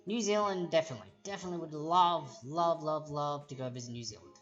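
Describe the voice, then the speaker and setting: A woman's voice: low voice, fast talker. Woman, quiz host, rambling chatty asides, lo-fi stream audio, music behind. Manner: chatty, rambling asides, repeats each question. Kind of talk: casual livestream chat reading quiz questions.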